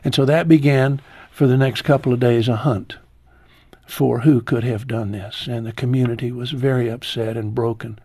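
A man in his sixties speaks as an interview guest, his voice husky and a little breathy. He tells his story slowly and with feeling, sinking low and soft at the hardest parts. The sound is dry and close. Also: steady tone, no room sound. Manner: slow, heartfelt storytelling, voice dropping low and soft at painful moments. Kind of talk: personal testimony in an interview.

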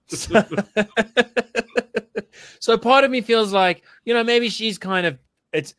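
A man's voice: extremely high pitch, fairly bright tone, slight background noise. A man co-hosting a casual chat, rambling and hesitant with lots of restarts. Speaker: podcast co-host.

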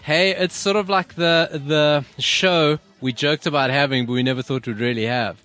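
A man's voice: fairly high pitch, steady tone, moderate pace, pushed and bright, faint music behind. A man hosting a radio show, chatting casually and rambling with restarts and fillers.

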